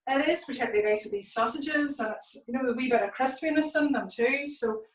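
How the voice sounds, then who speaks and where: A woman's voice: sits high, fast, reverberant, rough recording. A Northern Irish woman chef, chatty and full of fillers, hosting a live cooking demonstration from her kitchen. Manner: chatty, lots of fillers and local words. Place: home kitchen.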